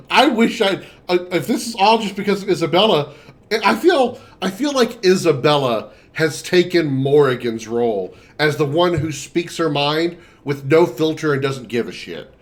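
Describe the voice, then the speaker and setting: A man's voice: fairly high pitch, big pitch swings, moderate pace. A male streamer chatting casually and laughing as he comments on a game he is playing, swearing now and then. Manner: chatty, giggly, profane.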